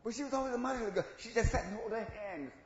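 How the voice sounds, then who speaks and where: A man preaching a sermon in church, swinging from shouted lines to low asides and chuckles. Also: rapid-fire. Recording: echoey church room, dull lo-fi sound.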